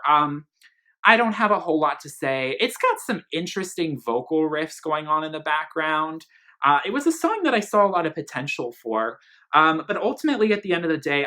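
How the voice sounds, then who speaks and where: Male music vlogger from Philadelphia, sharp bright tone, chatty gossip delivery. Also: medium pitch. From Philadelphia, Pennsylvania. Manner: chatty and gossipy, full of "like" and "girl". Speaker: music reviewer. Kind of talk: casual album review vlog.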